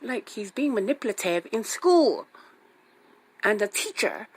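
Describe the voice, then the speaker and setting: A woman's voice: medium pitch, measured pace, husky. A woman hosting a radio talk show, telling a personal story casually and acting out each voice, often repeating herself for emphasis. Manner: animated, acts out quotes, repeats herself for emphasis.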